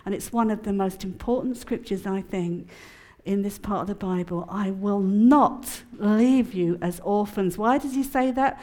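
A middle-aged woman preaches to a conference crowd, telling her story with lively emotion. She laughs easily, and her talk swings between bright excitement and hushed earnestness. Her voice sits at an ordinary middle pitch. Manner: animated and emotional, laughing often. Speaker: speaker at a prayer conference. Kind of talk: testimony-style sermon.

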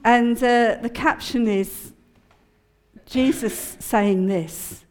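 Animated woman preaching a testimony. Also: fairly high pitch, very slow. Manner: animated and emotional, laughing often. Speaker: speaker at a prayer conference. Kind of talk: testimony-style sermon.

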